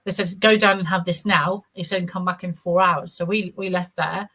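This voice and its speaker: A woman's voice: on the low side, fairly even intonation, moderate pace, sharp tone. A woman telling her own story in a rambling, casual way, repeating words and acting out what others said. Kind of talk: casual personal account.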